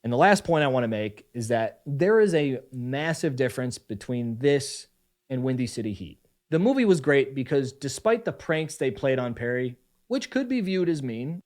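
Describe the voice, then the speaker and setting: A man narrating a scripted commentary video in a measured, argumentative way. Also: mid-range voice, darkish tone.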